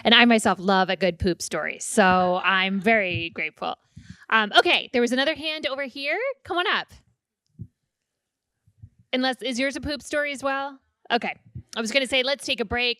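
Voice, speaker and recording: A woman's voice: fairly high pitch, moderate pace, sharp tone, clear, resonant tone, no echo, studio quality. A woman hosting a live storytelling event, joking with the audience. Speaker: event host. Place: event hall before an audience.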